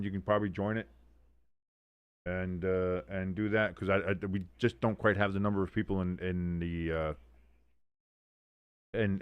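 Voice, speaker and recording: A man hosting a live watch-along stream, giving excitable, profane play-by-play and muttering asides to his chat. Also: fairly low pitch, dry recording, studio quality. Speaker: sports stream host.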